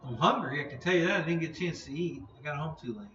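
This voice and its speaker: A man's voice: a little high, expressive, very fast, bright, forceful tone, echoey room, recorded from a distance, highs cut off, slight background noise. A man hosting a casual live stream, chatting in a rambling way, laughing often and yawning.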